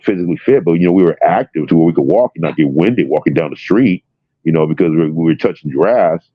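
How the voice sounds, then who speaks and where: A man's voice: low voice, no room sound. A man in casual chat, talking bluntly and emphatically with a lot of swearing. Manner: blunt, profane, emphatic storytelling. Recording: dull lo-fi audio.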